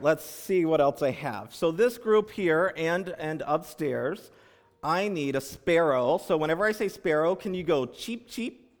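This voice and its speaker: A man leading a church service who reads aloud reflectively, then playfully and encouragingly guides the congregation through a story with animal noises. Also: a little high. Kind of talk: reading aloud and leading a participatory children's story. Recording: long reverb of large hall.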